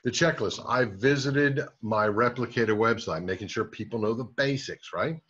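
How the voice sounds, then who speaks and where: The audio is dull and lo-fi as a business trainer delivers a motivational talk in a direct coaching style, repeatedly checking in with listeners. His husky, slightly rough voice sits in the mid range, a bit bright, at a moderate pace.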